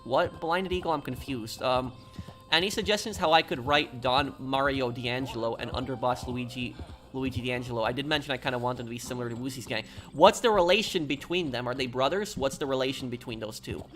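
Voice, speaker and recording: Man, mid-pitched voice, casual stream chat, lots of ums, game music behind. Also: fairly quick, a bit bright. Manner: rambling, reads chat aloud with frequent fillers.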